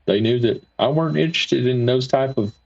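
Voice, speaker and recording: Male stream host, husky voice, dull lo-fi audio, rambling and repetitive. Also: medium pitch, a little fast. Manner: rambling, folksy, repeats himself. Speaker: livestream host. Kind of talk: casual livestream chat reading viewer comments.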